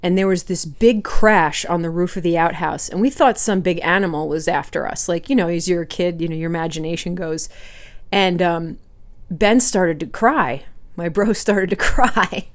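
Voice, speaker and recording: Woman food vlogger, lowish voice, rambling casual storyteller talking between bites. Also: normal speed. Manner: chatty, rambling, laughs while eating.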